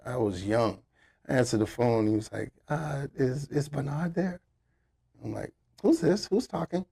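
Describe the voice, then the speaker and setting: Gravelly laid-back man telling a story. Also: mid-range voice, normal speed, mellow. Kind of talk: casual anecdote.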